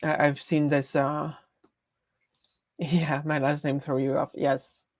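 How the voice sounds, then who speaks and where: A woman's voice: deep voice, little pitch movement, takes it slowly, no room sound. Chatty woman with a French accent. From France. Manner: rambling, chatty, self-interrupting. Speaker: live streamer. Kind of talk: casual live-stream chat.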